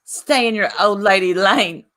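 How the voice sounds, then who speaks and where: A woman's voice: mid-range voice, unhurried, a bit bright, natural voice. A woman reading as a taunting woman commenter. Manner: taunting, dismissive. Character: insulting woman commenter mocking an "old lady".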